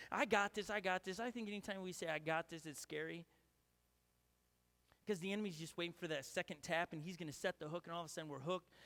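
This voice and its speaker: High-voiced pastor in a reverberant hall. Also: male voice, a bit bright. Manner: casual, rambling, with many fillers and restarts. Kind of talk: sermon. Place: church hall.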